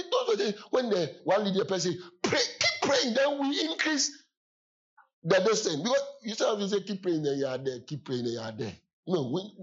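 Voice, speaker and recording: A man preaching a sermon, telling stories from his past with sudden loud exclamations and laughter. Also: sits high, husky, highs cut off. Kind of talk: sermon storytelling.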